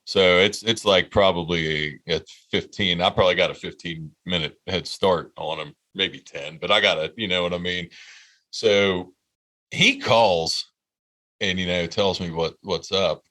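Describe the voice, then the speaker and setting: Podcast co-host, male, 30s: low and forceful voice, rambling profane storytelling. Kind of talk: casual storytelling chat.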